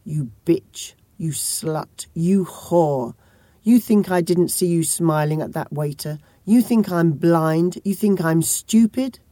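Abusive husband, read by a woman, harsh, yelling, tearful, mellow tone, dry sound. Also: on the low side, slow pace, no room sound. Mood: venomous. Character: volatile abusive young husband, raging then weeping.

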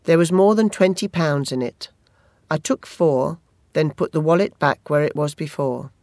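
Measured first-person audiobook narrator. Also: medium pitch, darkish tone, dry recording, studio quality.

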